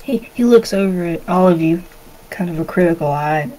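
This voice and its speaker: A woman's voice: lowish voice, normal speed, poor audio. Woman game master, casual narration with lots of "uh"s. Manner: relaxed, filler-heavy narration.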